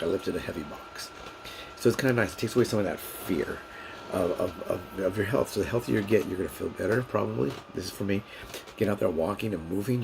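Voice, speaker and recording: Male vlogger, deep rough voice, unscripted and rambling, with lots of restarts. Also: background noise. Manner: rambling, repetitive, many restarts and fillers. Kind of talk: casual unscripted vlog monologue.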